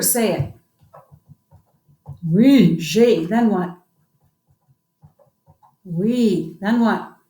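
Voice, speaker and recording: A woman's voice: medium pitch, a little mellow. An upbeat woman teacher runs a grammar lesson, coaxing the class to answer back. Her voice sits in a middle register. The sound carries a noticeable room echo. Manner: upbeat, coaxing call-and-response drilling. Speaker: French teacher.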